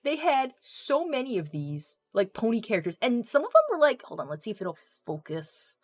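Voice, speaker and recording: A young adult woman streamer chatting casually and reading out viewer comments, rambling, excitable and quick to swear. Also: a little high, dry recording. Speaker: live streamer.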